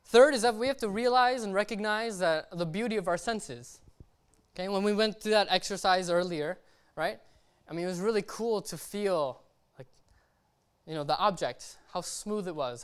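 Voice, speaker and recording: A young man preaching a laid-back sermon, his voice smooth and clear. He keeps checking in with his listeners and drops casual slang as he goes. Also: sits high, moderate pace. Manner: chatty, keeps checking in with "right?" and "okay?"; slangy and relaxed. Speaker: lay preacher. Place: church service.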